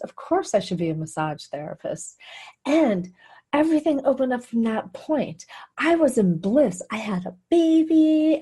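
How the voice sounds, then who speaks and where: A woman's voice: on the high side, darkish tone. A middle-aged woman hosting a radio show, telling her own life story in a candid, confessional way and often laughing. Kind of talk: personal storytelling monologue.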